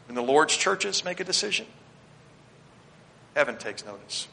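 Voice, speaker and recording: A Baptist pastor preaching a sermon, swinging between loud declarations and quiet asides as he speaks straight to his congregation and points them to their notes. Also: fairly high pitch, sing-song, normal speed, vocal fry, a little hiss or hum. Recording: long hall reverb.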